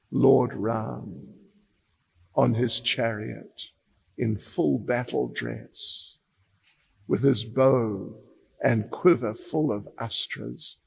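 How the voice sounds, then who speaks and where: Monk telling a devotional story, really slow, husky gravelly voice, echoey hall. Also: male voice, mid-range voice. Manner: slow, dramatic, voices each character. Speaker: monk and preacher.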